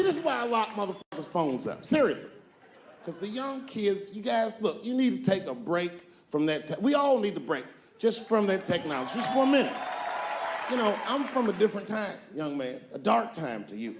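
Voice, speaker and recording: Brash stand-up comic shouting punchlines. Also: male voice, high voice, roomy sound, noisy background. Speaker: stand-up comedian. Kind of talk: stand-up routine addressing the crowd.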